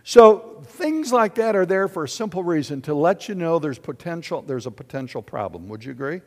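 An older man preaching a sermon in a church, animated and questioning his congregation. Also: a little high, moderate pace. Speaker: pastor. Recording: long hall reverb.

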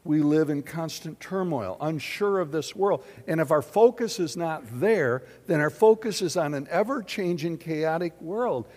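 A man preaching a sermon in an auditorium, drawing answers from the audience and swinging from loud declarations to hushed questions. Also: fairly high pitch, a little slow, few pauses, long reverb tail. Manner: animated, questioning the audience, big swings in loudness. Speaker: pastor.

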